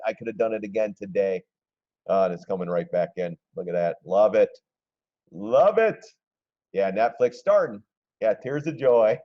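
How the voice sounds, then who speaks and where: Excitable man with a low, mellow voice. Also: muffled recording. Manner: excitable, gleeful when shorts pay off, throws in mocking voices; clears throat often, repeats words. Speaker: stock trading live-stream host. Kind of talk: casual live commentary on charts.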